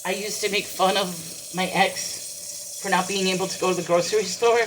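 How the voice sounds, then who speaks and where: A woman's voice: medium pitch, fairly even intonation, moderate pace, fairly bright tone, slight background noise, rough recording. A woman venting in a personal vlog, holding back tears as she talks about her struggles, recorded in her kitchen while washing dishes. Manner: tearful, fighting back crying. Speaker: vlogger. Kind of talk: emotional personal vlog rant.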